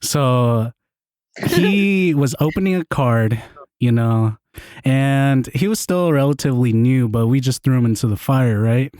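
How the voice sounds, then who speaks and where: Male podcast host, mid pitch, dry close sound, animated joking storyteller. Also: a little slow, no echo. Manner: animated storyteller, laughs often, swears. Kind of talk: casual chat, storytelling.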